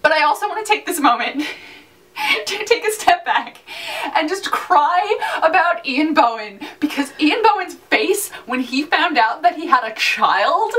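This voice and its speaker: A young woman gushing emotionally and quickly in a fan reaction chat, her words tumbling out in excited bursts. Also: sits high. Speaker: fan vlogger reviewing a TV episode. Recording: voice a little far from the mic.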